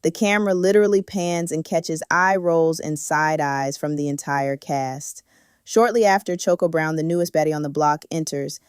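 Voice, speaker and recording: Sassy low-voiced woman recapping gossip. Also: darkish tone, smooth, no room sound, clean studio sound. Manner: sassy, gossipy, slang-heavy. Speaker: recap reviewer. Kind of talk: sassy reality-TV recap commentary.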